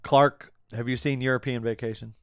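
Podcast man, casual football talk, dry close sound, animated and swearing. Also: medium pitch, normal speed, clear, resonant tone, dry recording. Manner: animated, swears, quotes movie lines. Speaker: podcast co-host. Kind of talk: casual sports chat.

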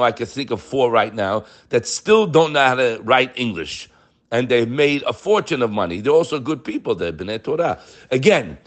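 Male Torah teacher, lively, wide-ranging delivery, fervent with rhetorical questions. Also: mid-range voice. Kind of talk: animated Torah class.

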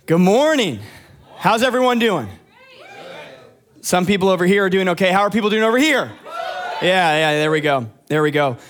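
A man's voice: high-pitched, lively intonation, moderate pace, long pauses, fairly bright tone, a little hiss or hum. A young man preaching a casual sermon as youth pastor, friendly and joking with the congregation.

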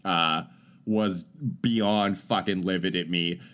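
Low-voiced man telling stories. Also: fairly even intonation, slow pace, fairly bright tone. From Canada. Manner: profane, rambling storyteller with many fillers. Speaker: podcast host. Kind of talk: casual podcast chat.

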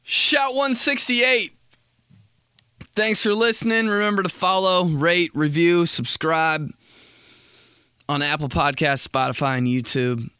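A young man hosting a casual solo comedy podcast, rambling and swearing through stories with quick impressions. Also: fairly high pitch, pushed and bright, smooth, no room sound, studio quality. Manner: rambling, profane storytelling with impressions. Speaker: podcast host.

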